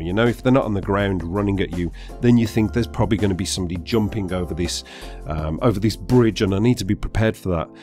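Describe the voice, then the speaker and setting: A man delivering a sarcastic, sweary gameplay rant. His pitch swings widely as he gets worked up, and faint music plays underneath. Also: a little mellow. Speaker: gaming commentator. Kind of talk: ranting gameplay commentary.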